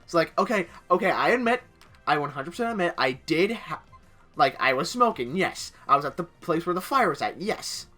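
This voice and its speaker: A man's voice: a little high, big pitch swings, normal speed, bright, forceful tone, faint music behind. A young man casually narrating over gameplay, rambling through a story with many filler words. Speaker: gaming channel host.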